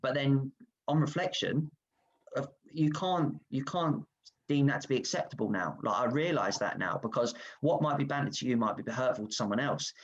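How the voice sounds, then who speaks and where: A guest who used to play football tells candid tales of his own life on a video call, reflecting openly and animating each anecdote. He talks fairly quickly in a husky, mid-range voice through dull-sounding audio.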